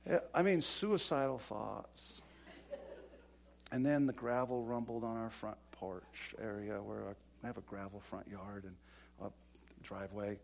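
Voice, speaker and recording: A man preaching, telling a childhood story in a lively, animated way that swings from hushed lines to loud ones. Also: lowish voice, unhurried, creaky. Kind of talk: storytelling sermon.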